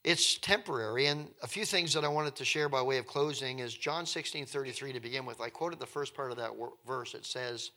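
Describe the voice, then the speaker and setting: A man's voice: medium pitch, a little fast, hardly any pauses, bright, forceful tone. A man preaching a sermon as a pastor, earnest and conversational, with emphatic repetition.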